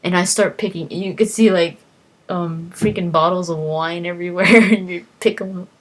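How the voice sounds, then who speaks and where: A woman's voice: on the low side, steady tone, normal speed. A woman casually recounting a video game adventure, rambling with lots of fillers and restarts. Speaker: gaming vlogger.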